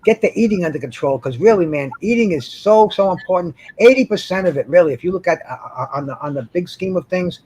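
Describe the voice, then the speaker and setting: A man's voice: high voice, lively intonation, fast talker, few pauses, darkish tone, slightly rough, low-quality recording. A man speaking as a panelist in a casual group chat over a video call, who often repeats words and restarts his sentences. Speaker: guest panelist.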